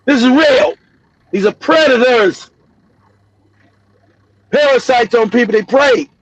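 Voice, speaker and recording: A man's voice: extremely high pitch, slow, a bit bright, dry recording, poor audio. A middle-aged man hosting a casual live stream, blunt and emphatic, repeating himself and laughing often. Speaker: show host.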